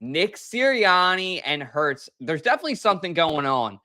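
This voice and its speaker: A young man hosts a casual sports podcast in a high, bright voice. He talks in an upbeat, joking way and ribs his co-hosts. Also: very animated, normal speed. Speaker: podcast host.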